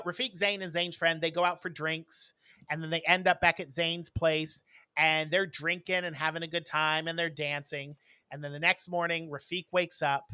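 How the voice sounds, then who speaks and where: A man's voice: a little high, pushed and bright, dry recording. A man co-hosting a podcast, casually retelling a TV episode in a rambling way with many fillers. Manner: rambling, lots of ums and uhs. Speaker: podcast co-host. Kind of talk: casual chat, recapping an episode.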